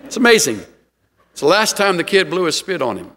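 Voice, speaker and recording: Middle-aged male pastor, lively storytelling sermon, high, crisp voice, long hall reverb. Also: fast talker, slight background noise. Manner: animated storytelling with sudden pitch jumps.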